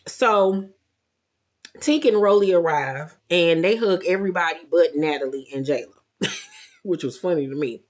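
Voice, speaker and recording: A woman's voice: on the low side, unhurried, a little mellow. A woman giving a blunt, sassy, gossipy recap of a reality show. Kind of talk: casual commentary.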